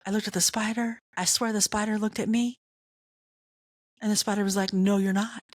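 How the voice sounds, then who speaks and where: A woman hosting a podcast, telling a comic personal story with animated, dramatic emphasis and repeated punchlines. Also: medium pitch, fairly quick, no room sound. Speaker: podcast host.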